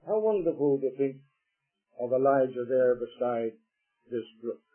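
A man preaching a sermon emphatically, rising to loud declarations and dropping to low asides. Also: animated, unhurried, breathy edge. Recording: tinny, phone-like old sermon recording.

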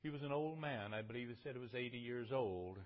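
A man's voice: mid-range voice, quick pace, highs cut off. A man preaching a sermon, retelling scripture in a conversational way and building to fervent emphasis.

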